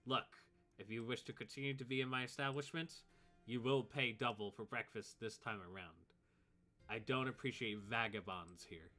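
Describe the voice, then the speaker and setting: A man voicing a calm old male innkeeper in a tabletop game, polite but firm with people who skip paying. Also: medium pitch, moderate pace, faint music behind, close to an everyday voice. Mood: stern. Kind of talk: playing a character in a tabletop game.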